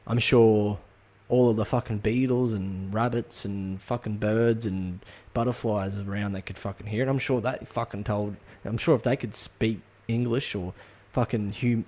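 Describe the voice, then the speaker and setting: A man's voice: lowish voice, darkish tone. A man hosting his own show, ranting casually in a profane, rambling way with lots of ums and restarts. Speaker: podcast host. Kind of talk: casual comedic rant.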